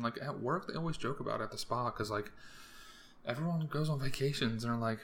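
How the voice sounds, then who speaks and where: A man's voice: medium pitch, quick pace, a bit bright, a little hiss or hum. A young man hosting a solo podcast, rambling casually with crude jokes. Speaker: podcast host.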